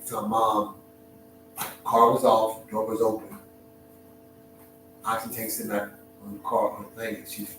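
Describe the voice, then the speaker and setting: A middle-aged man streaming live and telling a heartfelt personal story in an emotional, reflective way, often pausing and restarting his sentences. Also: on the low side, monotone, background noise. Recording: very echoey room, distant mic, music behind.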